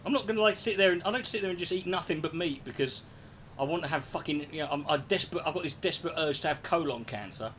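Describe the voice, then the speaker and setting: A man's voice: a little high, fast talker, fairly bright tone, a little hiss or hum. A man, ranting casually to his chat, sweary and sarcastic. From England. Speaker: streamer answering chat. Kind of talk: casual profane rant.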